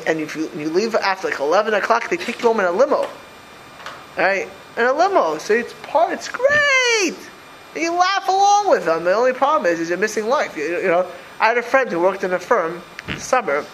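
Animated, high-voiced man giving a Torah talk. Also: a little hiss or hum, poor audio. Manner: animated storytelling, quoting Hebrew verses and translating them. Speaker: religious teacher.

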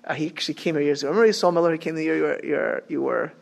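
A rabbi talks through an informal Torah class. His voice sits high and carries a gravelly edge. He repeats himself and mixes Hebrew and Yiddish terms into plain English. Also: racing.

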